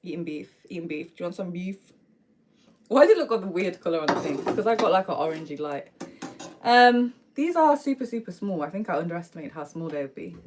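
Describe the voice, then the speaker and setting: Chatty young woman, low-pitched. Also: lively intonation, quick pace, noisy background. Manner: chatty, slangy, answers viewer comments aloud. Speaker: livestreamer. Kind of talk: casual live-stream chat while cooking. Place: home kitchen, indoors.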